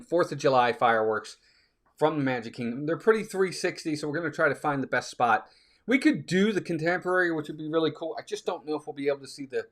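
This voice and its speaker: A man's voice: medium pitch, a bit bright. A man hosting a casual live stream, chatting with viewers and reading out their comments. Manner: chatty, reads out viewer comments, sneezing fits.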